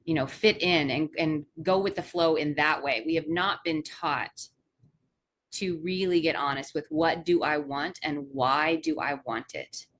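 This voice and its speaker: A woman's voice: low voice, a little slow. A woman coach hosting a podcast, talking in a reflective, earnest way. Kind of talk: casual podcast conversation.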